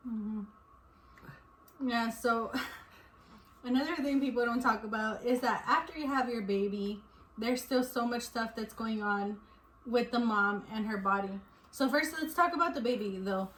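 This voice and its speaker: Animated young woman in an echoey room. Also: on the high side, unhurried. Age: 20s. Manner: animated storytelling, laughs often. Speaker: vlogger and new mother. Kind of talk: casual chat. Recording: echoey room with faint noise.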